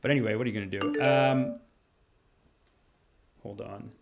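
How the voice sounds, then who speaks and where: A man, a comedian hosting a podcast, telling rambling, animated stories. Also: medium pitch, normal speed, creaky, a loud crowd. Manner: animated, rambling, laughs mid-story. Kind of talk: casual storytelling.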